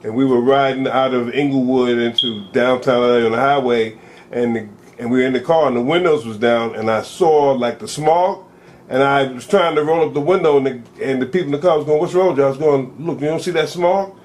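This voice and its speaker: A man's voice: mid-range voice, brisk. A man co-hosting a casual talk show, telling rambling stories full of slang. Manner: animated, storytelling, rambling with slang. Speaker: co-host.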